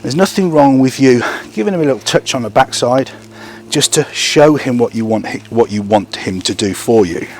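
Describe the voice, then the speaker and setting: A man's voice: mid-range voice, animated, normal speed, darkish tone. Bloke training his gundog outside, chatty explaining plus "good lad" praise, bit of outdoor noise. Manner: talks to camera while praising and commanding a dog. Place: outdoor dog run.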